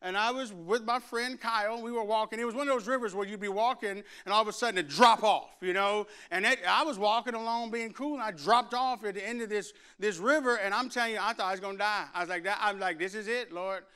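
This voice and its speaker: A preacher's sermon in a church sanctuary shifts from hushed prayer to a lively story full of acted-out voices and mounting shouts. His high voice rings bright and clear, and he talks quickly, barely pausing.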